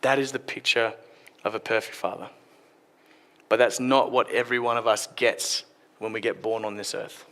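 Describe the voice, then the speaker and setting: A man giving a short church sermon, retelling a story and dropping his voice softly at key points. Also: lowish voice, steady tone, moderate pace, pauses often. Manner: retells the story with acted quotes, drops softer at key points. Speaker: preacher.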